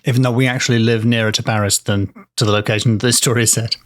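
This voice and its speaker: A man's voice: medium pitch, level tone, fast talker, fairly bright tone. A British man hosting a podcast, telling a spooky story in a playful, digressive way and reading old letters aloud.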